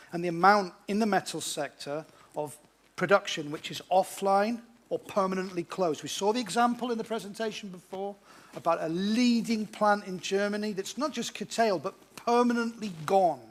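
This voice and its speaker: A man with a high voice moderates a panel debate at a conference event. He keeps things moving, steering each speaker briskly to the next question.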